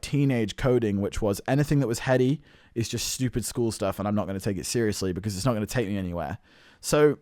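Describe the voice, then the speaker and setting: An earnest young British man hosts his own podcast, thinking aloud and questioning himself. His voice sits in a middle register and lurches from loud, quick bursts to low, slow mutters. The sound is dry and close, with no room around it. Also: no echo. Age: 20s. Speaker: podcast host. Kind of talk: reflective solo podcast monologue.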